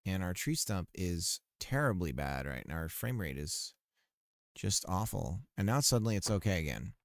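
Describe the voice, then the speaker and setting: A man's voice: sits low, sing-song, normal speed, no room sound, clean studio sound. A man developing a game on a live stream, thinking aloud and chatting casually with his viewers, often trailing off mid-sentence. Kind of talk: casual live-stream commentary while coding.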